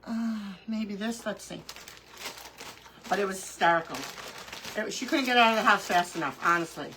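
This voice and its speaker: A woman's voice: medium pitch, moderate pace, long pauses, slight background noise, poor audio. A middle-aged woman hosting a live crafting stream, chatting casually and telling stories with frequent laughter. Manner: animated storyteller, laughs often. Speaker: craft livestream host.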